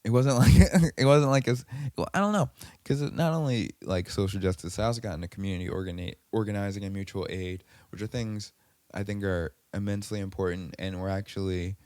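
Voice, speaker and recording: Man, very low voice, mellow tone, dry close sound, rambling podcast storytelling. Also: a little fast, dry recording. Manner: rambling, self-correcting, many fillers. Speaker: podcast host. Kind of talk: personal storytelling.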